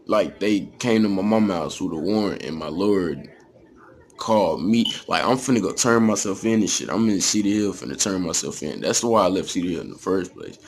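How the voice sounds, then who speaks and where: A man's voice: low voice, animated, a little fast, creaky, a little hiss or hum. A young man from Texas with a Texas accent, telling a story in a casual, slangy, profane way.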